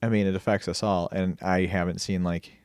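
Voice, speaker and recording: A man co-hosting a podcast in casual chat, low-key and agreeable, often answering with short assents. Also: little pitch movement, fairly quick, a little mellow, smooth, dry recording, clean studio sound. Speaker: podcast co-host.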